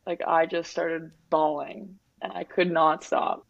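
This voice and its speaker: Speaking a little slowly in a low, gravelly, level voice, a Winnipeg-born athlete in her twenties opens up in a candid interview. She's reflective and uses "like" and "um" constantly. There's no echo, and the recording sounds dull, dry and lo-fi.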